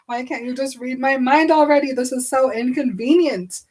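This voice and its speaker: A woman's voice: high voice, normal speed, darkish tone, voice pushed up. A woman voicing a young woman who is blissfully happy and exasperated, insisting she is fine, in a retelling of a novel. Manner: pleading, insistent.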